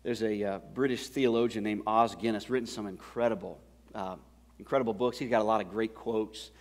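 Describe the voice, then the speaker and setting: A man's voice: lowish voice, fairly even intonation, a little fast. Pastor guy preaching, chatty then fired up, big echoey church hall. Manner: conversational storytelling that builds to loud, emphatic preaching. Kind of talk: sermon. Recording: long hall reverb.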